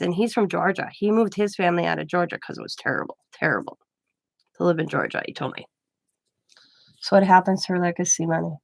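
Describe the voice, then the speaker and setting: A woman's voice: on the low side, vocal fry, no room sound. A woman in her forties hosting a craft channel, telling a story in rambling casual chat, full of restarts and cut-off words. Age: 40s.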